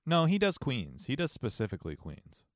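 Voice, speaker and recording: A man from Ohio co-hosting a podcast, chatting casually with mock-grumpy deadpan complaints. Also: mid-range voice, moderate pace, dry recording, clean studio sound. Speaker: podcast co-host. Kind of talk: casual chat.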